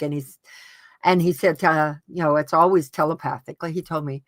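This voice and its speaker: A woman as an interview guest, recounting a personal experience in an earnest, halting way with frequent restarts. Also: low-pitched, fairly even intonation, a bit bright, dry recording. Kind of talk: casual personal storytelling.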